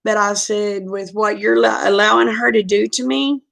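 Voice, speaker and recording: A woman's voice: medium pitch, fairly even intonation, moderate pace, vocal fry, a bit bright. A middle-aged woman telling a personal story in a frank, chatty way. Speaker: vlogger. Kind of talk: casual storytelling.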